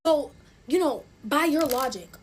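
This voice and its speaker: A woman's voice: sits high, lively intonation, unhurried, slight background noise. A woman in her twenties chatting through a casual storytime while playing with slime, full of fillers and talking to viewers as y'all. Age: 20s. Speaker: TikTok storyteller.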